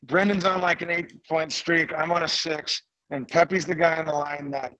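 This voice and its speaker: A man, a former hockey player and guest, telling an animated anecdote in a lively, rambling way. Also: fairly high pitch, normal speed, no room sound, low-quality recording. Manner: lively, rambling, laughs mid-story.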